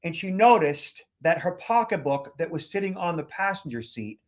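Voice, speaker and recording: With a slightly high, sing-song voice and a moderate pace, a Boston-area man shares a long travel story on the podcast he co-hosts. He's a security consultant, and his telling is casual and rambling with frequent fillers.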